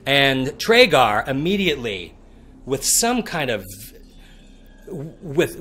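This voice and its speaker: A man narrates a tabletop game as dungeon master, his pitch rising and falling in a lively way. He talks slowly and descriptively and sometimes restarts his sentences.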